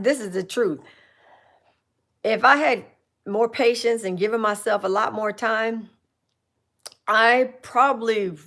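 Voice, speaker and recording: A woman's voice: mid-range voice, gravelly, a bit bright. A woman from California hosting a casual live chat from her RV, answering viewers' questions in a rambling, chatty way with restarts and asides.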